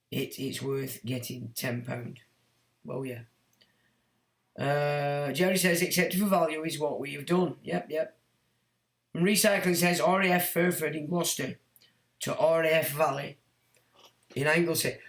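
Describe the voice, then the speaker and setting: A middle-aged man hosting a livestream, reading out chat comments and ranting in a blunt, crude, mocking way with plenty of swearing. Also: on the high side. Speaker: livestream host. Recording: echoey room.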